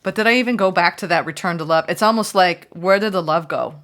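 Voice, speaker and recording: A woman's voice: fairly low pitch, fast, fairly bright tone, a little hiss or hum. Chatty woman reading tarot cards. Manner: chatty, musing, voices the viewer's thoughts. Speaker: tarot reader.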